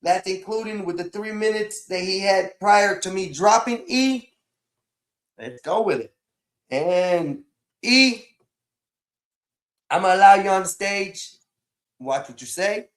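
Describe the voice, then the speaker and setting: A man with a high, emphatic voice hosts a casual livestream, speaking. He scolds and lectures his guest in a preachy way and repeats himself for weight. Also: animated, takes it slowly, long pauses. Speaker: livestream host.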